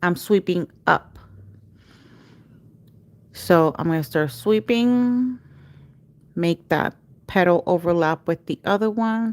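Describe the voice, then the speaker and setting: A woman's voice: on the low side, slow pace, long pauses. A woman teaching a live nail art class, giving patient step-by-step instructions and chanting repeated cue words as she works. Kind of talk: livestream tutorial.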